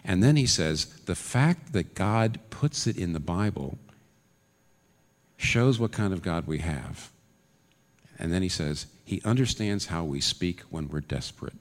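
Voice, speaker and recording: A man with a very low voice preaches a sermon in an earnest, searching way. His voice rises into pressing questions. The sound carries a long hall reverb. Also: animated, unhurried. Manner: earnest, rising to urgent questions. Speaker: pastor.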